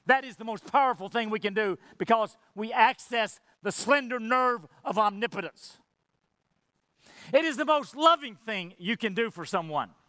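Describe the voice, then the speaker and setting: High, expressive and forceful, the bright voice of a preaching pastor comes through at normal speed without any room sound. Fervently, he voices both God and Moses in quoted dialogue and lowers himself to a near whisper for effect.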